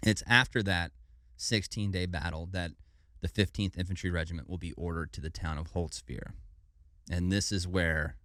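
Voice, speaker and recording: A man with a very deep voice retells history in a relaxed podcast chat, tripping over hard names and tossing in a casual "dude". His voice is recorded close and dry, with no room sound. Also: moderate pace, no echo. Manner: laid-back, stumbles over foreign names, says "dude". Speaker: podcast co-host.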